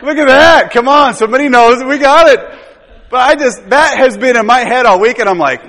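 In a loose, meandering sermon, a pastor keeps tossing in tag questions and brief chuckles. His voice is pitched high for a man and slightly bright, and every phrase is followed by a long reverb tail from the church hall.

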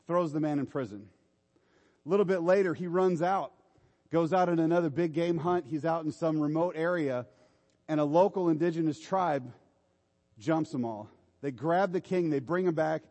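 A man with a fairly high, darkish-toned voice preaches a sermon at a moderate pace, his words echoing in a big room. His style is informal and exhorting as he urges listeners on, saying "come on" over and over.

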